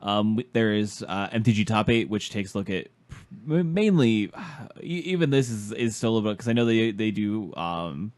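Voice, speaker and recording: A man's voice: fairly low pitch, lively intonation, normal speed, a little mellow. A man co-hosting a casual podcast, hesitant and often stammering over restarts. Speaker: podcast co-host. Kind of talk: casual chat about card game.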